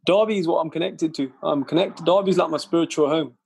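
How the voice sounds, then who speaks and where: Husky young man. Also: on the high side, fast, darkish tone. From Leicester, England. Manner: laid-back, swears and laughs often, slangy. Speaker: guest lyricist. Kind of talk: casual interview chat.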